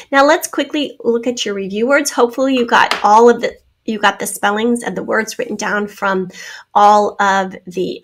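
A woman's voice: medium pitch, gravelly, breathy edge. A woman teaching a spelling lesson to children, explaining each word patiently step by step.

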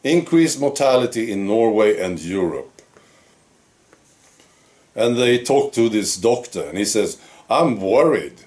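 A man's voice: medium pitch, darkish tone. A man with a Swedish accent, hosting his own channel and mocking the news in a casual, amused monologue. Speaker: commentary channel host.

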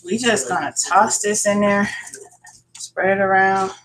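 A woman's voice: medium pitch, fairly even intonation, unhurried, a bit bright, slight background noise, poor audio. A woman hosting her own cooking vlog from her kitchen, chatting casually to viewers, swearing freely and calling them y'all. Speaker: cooking channel host. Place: home kitchen.

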